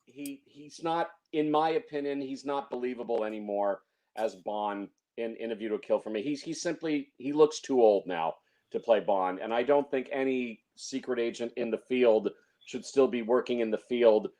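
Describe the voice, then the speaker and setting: A man's voice: medium pitch, moderate pace, mellow. A man reviewing films in casual chat, opinionated, stumbling over restarts and fillers. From San Francisco Bay Area. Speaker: film reviewer.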